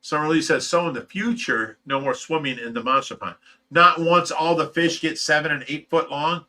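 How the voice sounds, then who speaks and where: A man's voice: fairly high pitch, normal speed, sharp tone. A man hosting a casual livestream, reading out viewer comments and answering them in a loose, blunt way with frequent chuckles. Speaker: fish rescue host reading viewer comments.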